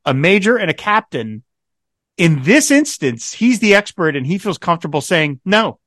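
A man's voice: fairly high pitch, normal speed, no echo, clean studio sound. A man co-hosting a podcast in casual chat, recapping a TV episode with frequent laughs and quoted lines. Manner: animated, laughing often, quoting characters. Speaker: podcast co-host.

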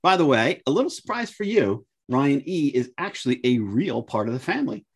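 A man's voice: medium pitch, sing-song, fairly quick, slightly rough. A man co-hosting a podcast, reading listener mail with wry asides and frequent chuckles. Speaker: podcast co-host.

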